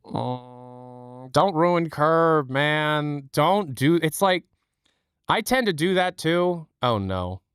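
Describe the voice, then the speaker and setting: A man's voice: fairly high pitch, expressive, very slow, fairly bright tone, clear, resonant tone, no room sound, clean studio sound. A man hosting a livestream from home, chatting casually, joking, swearing and laughing often. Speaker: livestream host. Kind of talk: casual chat.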